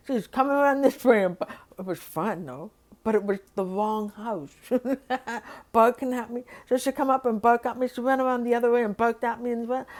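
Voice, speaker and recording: A woman's voice: a little high, normal speed. Upset woman venting on her daily vlog, rambly, sighing, overwhelmed. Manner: rambling, emotional, with sighs and laughs. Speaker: vlogger. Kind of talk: personal diary vlog.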